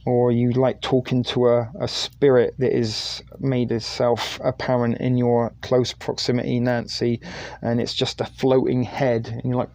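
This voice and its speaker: A man's voice: mid-range voice, completely flat delivery, unhurried, gravelly, darkish tone. Rambling, jokey man hosting a stream. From United Kingdom. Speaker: livestream host. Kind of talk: casual livestream chat.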